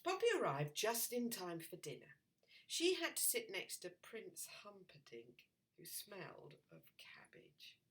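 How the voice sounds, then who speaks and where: A woman teacher reading a picture book aloud to children, expressive and slow, pointing out the pictures. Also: mid-range voice, distant mic.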